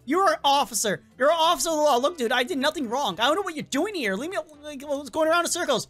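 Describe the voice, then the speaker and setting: Woman gamer w a high voice, chatty and excitable, kinda worn out and coughy, quiet game music behind. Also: fast. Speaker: gameplay commentator. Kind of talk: casual game commentary.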